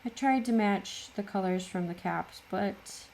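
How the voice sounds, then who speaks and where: A woman's voice: mid-range voice, unhurried, vocal fry, darkish tone, a little hiss or hum. A middle-aged woman hosting a casual crafting tutorial, chatty and full of self-deprecating asides. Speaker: craft channel host.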